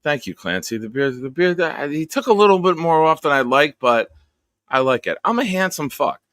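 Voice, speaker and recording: Male stream host, bright tone, dry close mic, playful roll-call delivery. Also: a little high, sing-song, normal speed, dry recording. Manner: jokey, upbeat roll call of viewers. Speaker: show host. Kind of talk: casual live-stream chat.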